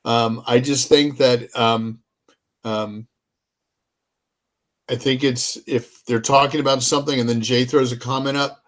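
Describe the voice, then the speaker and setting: A man hosting a show in casual chat, easygoing and hesitant, with many pauses and fillers. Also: medium pitch, fairly even intonation. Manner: easygoing, hesitant, lots of ums. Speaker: podcast host.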